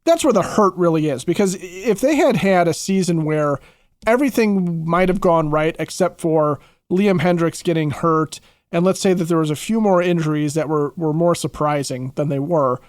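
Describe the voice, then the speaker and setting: Male co-host, high voice, dry close sound, reflective and rambling. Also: moderate pace, no echo. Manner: rambling, reflective, lots of restarts. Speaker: podcast co-host. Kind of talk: casual sports podcast chat.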